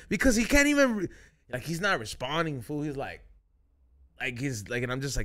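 A man's voice: on the high side, lively intonation, brisk, a bit bright. A young man hosting a podcast, telling a loose, profane story in casual chat, full of slang and dropping Spanish phrases. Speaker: podcast host.

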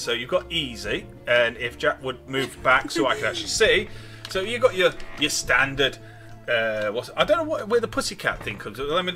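Dad, 30s, family gaming host; jokey, animated, slightly raised pitch, music under the talk. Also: male voice. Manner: joking, excitable, bursts into laughter. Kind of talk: casual gameplay commentary. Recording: background music.

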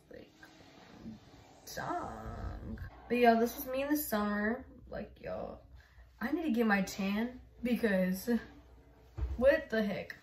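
A YouTuber vlogs casually through a walkthrough of her phone, chatty and rambling with plenty of "like" and "y'all". Her voice is on the high side, recorded from a distance with roomy echo.

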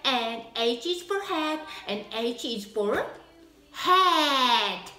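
A woman runs a preschool circle time with a very high, swooping voice, full of cheerful exclamations. She talks slowly and sing-song, with a bright tone. She sounds like she is in a roomy, echoing space with soft music underneath. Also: lively intonation. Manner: exclaiming and sing-song, with playful puppet play. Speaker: preschool art and music teacher. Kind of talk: cheerful circle-time teaching for young children.

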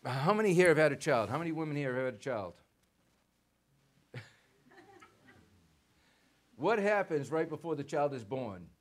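A male pastor preaching a sermon in a church, lively and conversational, acting out short bits of dialogue and putting questions to the congregation. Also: fairly high pitch, normal speed, long pauses. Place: church sanctuary.

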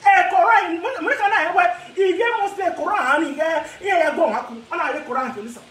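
A Nigerian woman vlogger ranting to camera in a casual, animated way, laughing often and mixing pidgin with her local language. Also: very high voice, a little fast, echoey room. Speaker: social media vlogger.

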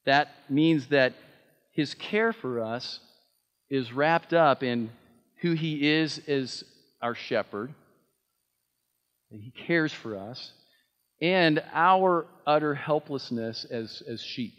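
A man's voice: medium pitch, slow, pauses often, a bit bright, in a large hall. A man preaching a sermon, earnest and emphatic, with frequent fillers and restarts. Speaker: pastor.

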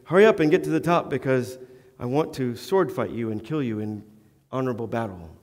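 A man's voice: a little fast, lightly acted. A pastor voicing a vengeful swordsman, declaiming in a raised voice, in a reverberant church hall. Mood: impatient. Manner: declamatory, louder and higher. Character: vengeful male Spanish swordsman, proud and intense.

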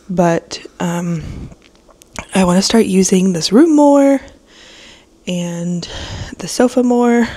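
A woman's voice: on the low side, vocal fry, mellow. A young woman vlogging at home in a casual, rambling chat, sleepy and a bit nasal from allergies. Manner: chatty, rambling, lots of fillers. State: sleepy, yawning. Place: home kitchen and office. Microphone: handheld vlog camera.

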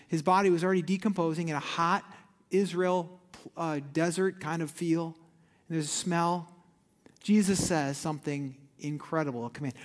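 A man delivers a sermon to a church auditorium, speaking in a notably high register. He reads scripture aloud and explains it, rising into emphatic, loud peaks. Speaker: pastor. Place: church auditorium with balcony and online audience.

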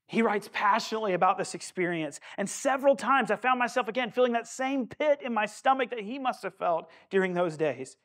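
High-voiced pastor preaching earnestly. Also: male voice, lively intonation, a little fast, few pauses, a bit bright. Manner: earnest and conversational, with asides to the congregation. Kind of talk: sermon. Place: church sanctuary.

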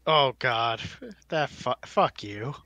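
A man co-hosting a podcast, chatting casually in a lively, wry way. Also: mid-range voice, slow, no room sound, highs cut off. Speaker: podcast co-host. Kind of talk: casual chat.

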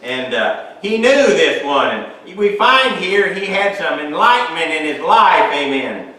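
Preacher in an echoey church. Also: male voice, on the high side, big pitch swings, unhurried, bright, forceful tone. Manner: reads scripture aloud, then preaches with frequent amens and hallelujahs. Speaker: pastor. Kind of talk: sermon. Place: church sanctuary. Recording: echoey church hall, mic far off.

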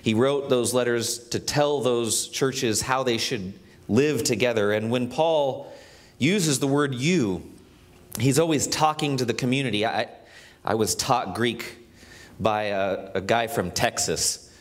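A man stands in a church and preaches in a relaxed, conversational way. His voice sits in an ordinary middle range. He wanders into little asides and restarts, then settles into reading scripture aloud. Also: mid-range voice, a little slow. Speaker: pastor. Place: church sanctuary.

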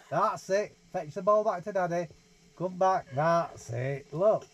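Inside a small holiday caravan, a young man with a high voice reads a picture book to his baby at a measured pace. He uses playful sing-song baby talk. The audio is dull, picked up by a nearby 360 VR camera.

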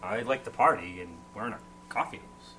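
A man's voice: on the low side, expressive, fairly quick, bright, forceful tone. A man playing a cocky, rude male construction worker on a date in a comedy sketch, talking with boastful swagger, recorded with noise and hum. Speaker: sketch actor. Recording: noisy amateur recording with hum.

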